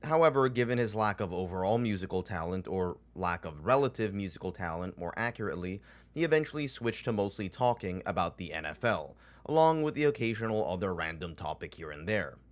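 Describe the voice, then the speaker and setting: A man narrating a scripted commentary in a deadpan, mocking tone full of dry sarcasm. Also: deep voice, brisk.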